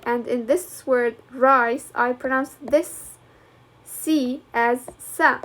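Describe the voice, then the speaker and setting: High-voiced woman teaching, Levantine accent. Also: steady tone, fairly bright tone, a little hiss or hum. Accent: Levantine Arabic. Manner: slow, deliberate explaining with frequent fillers. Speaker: English teacher. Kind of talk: classroom lecture.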